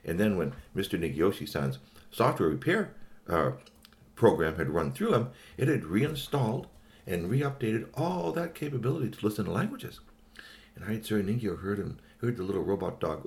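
A man narrating a children's story, animated, with chatty asides and sudden high exclamations. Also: moderate pace, creaky.

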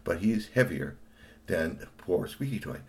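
A middle-aged man narrating a children's story in an animated way, talking to young listeners. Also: low voice, a little slow.

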